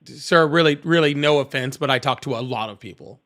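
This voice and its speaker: A man's voice: medium pitch, a little fast, fairly bright tone. A man hosting a live call-in chat, blunt and casual. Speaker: host.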